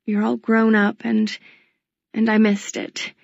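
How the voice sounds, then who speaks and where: A woman voicing a worn, worried middle-aged working mother who speaks softly and pleadingly, close to tears. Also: on the high side, completely flat delivery, slow, vocal fry, no echo, muffled recording, full character voice. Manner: soft, pleading, tearful.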